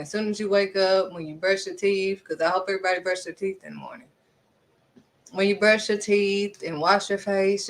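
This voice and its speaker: A woman's voice: medium pitch, a bit bright. A woman speaking earnestly and conversationally, giving spiritual encouragement with dramatic little asides. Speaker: faith vlogger.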